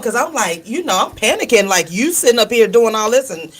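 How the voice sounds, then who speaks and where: Brisk and with few pauses, a middle-aged woman with a slightly high voice co-hosts a radio talk show in casual chat. She tells funny family stories animatedly, laughing often and voicing the quoted people herself.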